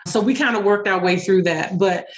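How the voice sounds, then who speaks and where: A woman speech-language pathologist answering interview questions, telling stories quickly with fillers and restarts and acting out bits of dialogue. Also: medium pitch. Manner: storytelling, acts out dialogue.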